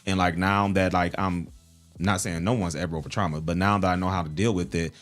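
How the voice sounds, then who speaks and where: Low-voiced man in casual candid talk. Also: steady tone, fairly quick, faint music behind. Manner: open, conversational, trailing fillers. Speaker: co-host of a morning talk show. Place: podcast studio.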